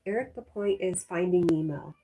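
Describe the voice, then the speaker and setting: Husky, mellow-voiced woman hosting a livestream. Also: fairly low pitch, moderate pace. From Connecticut, USA. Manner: reads viewer comments aloud, chatty, laughs often. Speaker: livestream host. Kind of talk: casual livestream chat.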